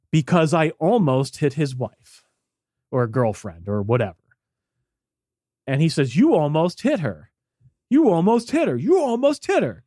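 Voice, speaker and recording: A man co-hosting a podcast tells a story in casual chat. He acts out the voices in his story. His pitch swings widely, and the sound is dry and close. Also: dry recording. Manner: animated, acts out voices in quotes. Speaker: podcast co-host.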